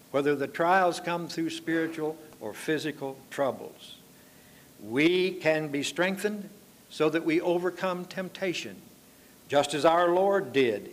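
A man preaching a sermon, earnest and steady. He lifts his voice to stress a point, then falls soft and low to plead with his listeners. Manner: earnest, rising to emphatic appeals then dropping quiet.

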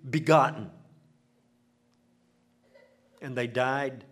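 An older man preaching a sermon, swelling loud for emphasis and dropping to a near hush. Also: mid-range voice, fairly even intonation, moderate pace, hardly any pauses. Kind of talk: sermon with invitation.

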